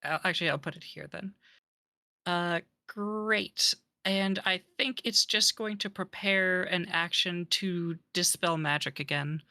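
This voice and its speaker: A woman's voice: on the low side, measured pace, sharp tone, dry recording. A woman playing a tabletop game, chatting cheerfully and playfully. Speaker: player. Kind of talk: casual tabletop game play.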